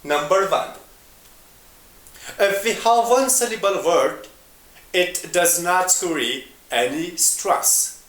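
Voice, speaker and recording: A man teaching an English lesson in a slow, deliberate way, repeating example words. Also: sits high, a bit bright, echoey room.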